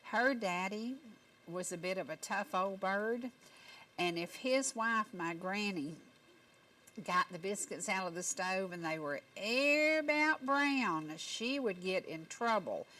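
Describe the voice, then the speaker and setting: A woman's voice: mid-range voice, expressive, takes it slowly, sharp tone, poor audio. A middle-aged woman with a Southern Appalachian accent, hosting a local talk show and telling folksy stories in country phrasing. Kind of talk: homespun talk show monologue. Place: TV studio set.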